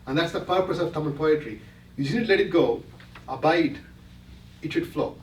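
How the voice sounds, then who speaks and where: A man's voice: fairly high pitch, brisk, slight background noise. A man giving a talk to a retreat audience, explaining step by step and often checking that listeners follow along. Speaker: presenter. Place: retreat hall. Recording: roomy hall, mic from a distance.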